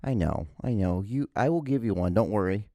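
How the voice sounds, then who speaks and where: A man's voice: fairly low pitch, lively intonation, brisk, mellow, no room sound. A man hosting his own podcast from home, rambling casually with lots of stammered restarts and swearing. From outside the United States. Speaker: podcast host. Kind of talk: casual solo podcast rant. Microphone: podcast microphone.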